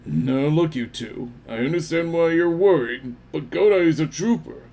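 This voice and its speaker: A boisterous, self-important schoolteacher who brags about his drinking, acted by a man. His voice is gravelly and sits a little high as he lectures people in a fan radio play. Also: lively intonation, moderate pace, mellow. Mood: reassuring. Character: boozy, pompous adult male schoolteacher.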